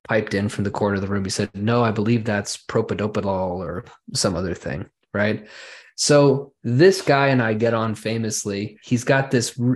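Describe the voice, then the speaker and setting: In a casual storytelling chat, a podcast host with a somewhat low voice tells his co-host a long, wry anecdote. He speaks informally and dwells on small details, building the scene bit by bit.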